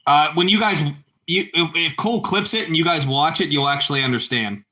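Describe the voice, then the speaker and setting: Man, livestream host, bright tone, loose rambling chat, repeats lines. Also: fairly high pitch, fairly quick. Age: adult parent. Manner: rambling, repetitive, calls viewers bro. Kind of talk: casual livestream chat with viewers.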